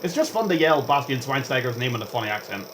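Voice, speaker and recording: A young man talks over his own gameplay in a loose, rambling way, hopping from one topic to the next. He is chatty and excitable and reacts out loud to what happens on screen. His mid-pitched voice swings up and down with lots of expression. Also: quick pace, slight background noise. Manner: excitable, reacts aloud to the game. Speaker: gaming vlogger.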